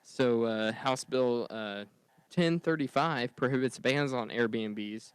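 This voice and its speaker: A man co-hosting a casual political podcast, talking earnestly in quick bursts and laughing. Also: medium pitch, clean tone, dry recording. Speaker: podcast co-host.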